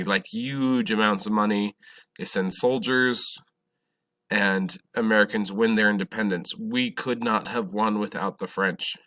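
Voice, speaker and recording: Slow, halting male history teacher. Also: fairly low pitch, bright, forceful tone. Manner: halting, self-correcting, asks questions of the class. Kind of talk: classroom lecture.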